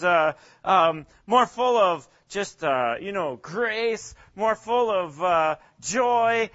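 A man's voice: high-pitched, fairly bright tone, muffled recording. A man leading a casual Bible study, talking hesitantly with frequent chuckles and acting out little quotes. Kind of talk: casual interactive Bible teaching.

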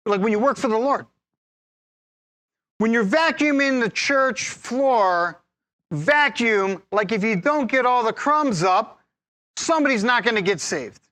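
A man preaching a sermon as pastor, lively and humorous, teasing his congregation and laughing often. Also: extremely high pitch, unhurried, no room sound.

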